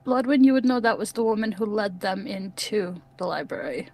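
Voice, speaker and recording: A woman's voice: mid-range voice, expressive, a little fast, a little mellow. A woman narrating as game master of a tabletop role-playing game, describing scenes in casual talk.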